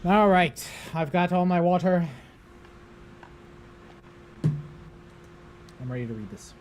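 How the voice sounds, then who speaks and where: A man's voice: high-pitched, animated, slow. A man co-hosting a live podcast, chatting casually with playful, jokey asides. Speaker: podcast co-host. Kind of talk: casual live-stream chat.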